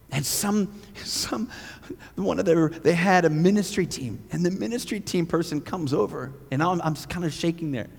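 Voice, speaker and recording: A male pastor tells his testimony in an animated, storytelling way, and his voice climbs when he gets excited. His tone sits a little high with a gravelly edge. The sound carries the long reverb of a church hall. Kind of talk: sermon with personal testimony.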